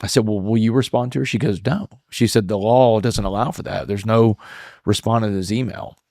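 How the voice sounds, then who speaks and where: A man speaks as a podcast guest, earnest and reflective as he tells his story, often stopping to restart a phrase. His voice sits low. The sound is dry and close, with no room echo. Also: fairly even intonation, brisk, vocal fry, dark tone. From Texas. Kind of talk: emotional storytelling interview.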